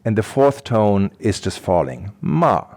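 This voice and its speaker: A man's voice: fairly low pitch, normal speed, darkish tone. A middle-aged man, a guest on an interview podcast, explaining things patiently and thinking aloud as he goes. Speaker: guest expert.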